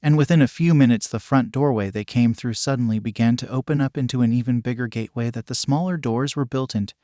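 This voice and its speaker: Guy narrating a fan story, steady reading, dry close mic. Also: medium pitch, fast talker, no echo.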